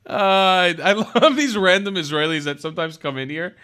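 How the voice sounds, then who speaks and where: A man's voice: sits high, lively intonation, moderate pace, bright, forceful tone, smooth. A man hosting a live call-in stream, chatting casually with callers, laughing often and speaking bluntly. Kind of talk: casual chat, debating callers.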